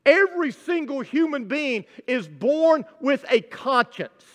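A man's voice: extremely high pitch, big pitch swings, measured pace, a bit bright. A male pastor preaching a sermon with emphatic, direct address to his congregation. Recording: long church-hall reverb.

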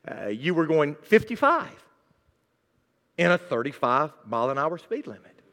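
A man voicing a stern male traffic police officer who speaks in flat, clipped phrases. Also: on the high side, measured pace, voice pushed down, full character voice. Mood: curt. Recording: long hall reverb.

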